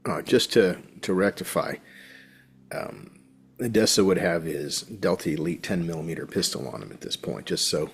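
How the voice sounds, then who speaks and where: A man playing in a tabletop game, deliberate and explanatory about the rules. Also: low voice, husky. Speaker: player. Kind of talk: casual tabletop play.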